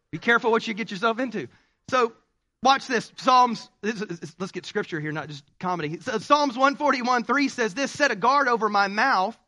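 A man preaches a lively sermon in a high, bright voice. He keeps it casual and funny, talking straight to the congregation. Now and then he breaks into sudden loud bursts. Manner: humorous, conversational preaching with shouted bursts. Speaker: pastor.

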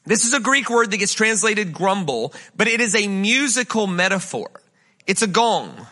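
A man preaching a sermon as a guest speaker in a church, energetic and conversational, with lots of rhetorical questions to the congregation. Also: high-pitched, moderate pace. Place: church sanctuary.

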